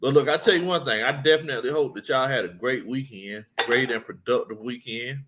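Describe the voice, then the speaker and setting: A man's voice: mid-range voice, brisk, background noise. A man hosting a casual livestream sports chat, reading viewer comments, joking, laughing often and repeating his lines.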